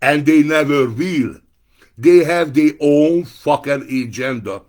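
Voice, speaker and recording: A man's voice: on the high side, expressive, takes it slowly. Angry profane man ranting. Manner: angry, profane, shouting outbursts. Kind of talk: political rant to camera.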